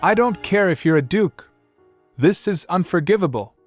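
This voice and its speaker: A man shouting as a raging tyrant duke. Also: a little high, brisk, faint music behind, voice pushed up, lightly acted. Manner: bellowing, shouting in rage. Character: furious tyrannical noble father, older man.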